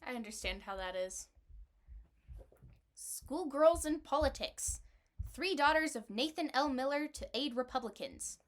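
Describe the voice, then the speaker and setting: A young woman with a somewhat high voice co-hosts a relaxed podcast chat. She reads headlines out slowly and deliberately, then adds dry remarks. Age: young adult. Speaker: podcast co-host. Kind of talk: casual chat reading old headlines.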